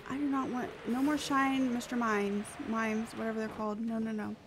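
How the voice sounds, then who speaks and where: A woman's voice: on the high side, flat delivery, normal speed, noisy background. A woman live-streaming a game, chatting playfully with her viewers. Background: background music.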